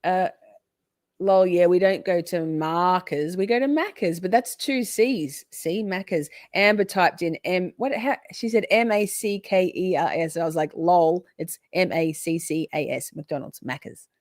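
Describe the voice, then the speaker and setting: A woman's voice: fairly low pitch, lively intonation, unhurried, a little mellow, no room sound, studio quality. An Australian woman hosting a livestream, chatting casually and reading viewer comments aloud with frequent laughs. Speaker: livestream host.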